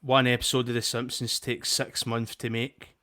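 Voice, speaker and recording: A man chatting casually on a podcast, trailing off quietly at times. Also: mid-range voice, level tone, moderate pace. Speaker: podcast co-host. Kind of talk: casual chat.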